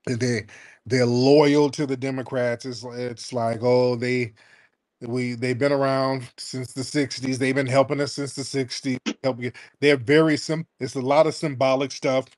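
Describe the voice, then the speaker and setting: A male radio host takes calls in a casual, blunt style. He leans on slang and mockery, and his pitch sits in the ordinary middle range for a man. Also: unhurried. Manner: blunt, mocking, slangy and animated, mimics people in put-on voices. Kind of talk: casual call-in talk.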